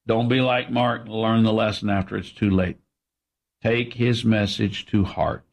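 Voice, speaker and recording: A man reading a scripted narration in a steady, advising tone. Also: fairly low pitch, measured pace, creaky.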